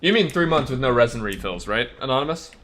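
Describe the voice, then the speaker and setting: Male streamer, casual rambling gaming chat, crisp bright tone, candid opinions. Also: medium pitch, expressive, fast talker.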